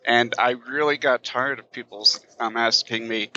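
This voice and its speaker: A man's voice: mid-range voice, fairly even intonation, normal speed, sharp tone, highs cut off, slight background noise. A man from Long Island hosting a podcast, chatting casually and joking with his guest. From Long Island, New York. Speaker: podcast host.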